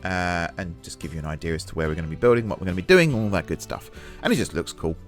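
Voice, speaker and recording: A chatty man hosting a gaming channel narrates a building game in casual let's-play commentary, thinking aloud as he builds and poking fun at himself over his mistakes. His deep voice is animated and fast, with faint music in the background.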